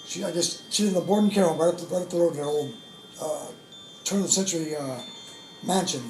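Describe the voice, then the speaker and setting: A man being interviewed, recalling the past haltingly and repeating words as he searches for memories. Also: on the high side, darkish tone, a little hiss or hum. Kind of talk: personal recollection. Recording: roomy echo with faint music.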